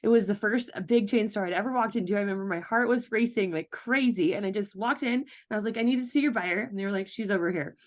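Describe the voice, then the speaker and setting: A woman hosting a podcast, chatting casually and telling her own story excitedly while crying. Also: medium pitch, fast talker, hardly any pauses. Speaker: podcast host. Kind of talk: casual chat.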